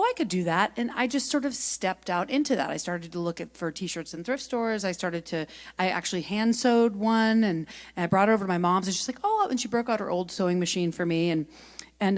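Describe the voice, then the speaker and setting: A middle-aged woman giving a lively, chatty spiritual talk at a spiritual center, telling stories and asking her audience questions. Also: mid-range voice, fairly quick. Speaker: guest speaker and singer.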